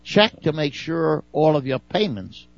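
Male radio co-host, gravelly voice, rambling explainer, dry, slightly dull sound. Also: fairly high pitch, very animated, measured pace, no room sound. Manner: rambling, explaining step by step with fillers. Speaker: radio talk show co-host. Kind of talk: casual on-air chat.

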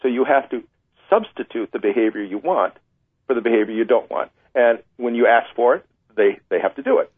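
Husky man on a tinny phone line. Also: mid-range voice, fairly quick, dry recording. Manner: chatty, self-deprecating, acts out little scenes. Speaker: dog trainer and author guest. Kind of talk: explaining with everyday examples.

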